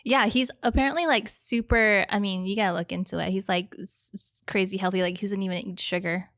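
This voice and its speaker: A bubbly woman in her thirties, talking easily as a studio guest and laughing often. Her voice sits at a middling pitch. The sound is close and dry, with no room around it. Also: steady tone, fairly quick, a bit bright, dry recording. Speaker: guest, business owner. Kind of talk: casual interview chat.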